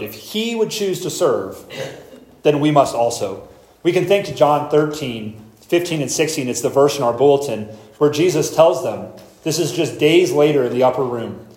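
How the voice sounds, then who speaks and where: A pastor preaching an expository sermon, explaining scripture verse by verse and reading passages aloud slowly. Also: male voice, on the high side, animated, darkish tone, echoey room, rough recording.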